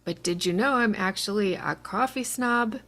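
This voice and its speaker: A woman's voice: mid-range voice, normal speed, a bit bright. A woman teaching an online language lesson, patiently explaining each step.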